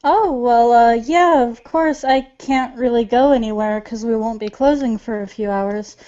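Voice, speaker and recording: A woman's voice: on the high side, unhurried, warm tone, natural voice. A woman voicing a friendly young woman who runs a tea house, speaking in an accommodating way, on a dull lo-fi voice chat recording.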